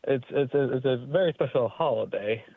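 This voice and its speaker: A man calling into a sports radio show, halting as he builds up to his point. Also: mid-range voice, expressive, creaky, no room sound. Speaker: caller. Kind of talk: call-in sports radio chat. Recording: tinny phone line.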